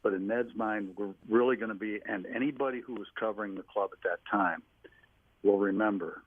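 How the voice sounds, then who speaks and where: A man phoning a radio talk show from his home office shares stories from his time as a team staffer, rambling at length with many restarts. He speaks fairly quickly with a fairly low, breathy voice; the line sounds tinny, without echo.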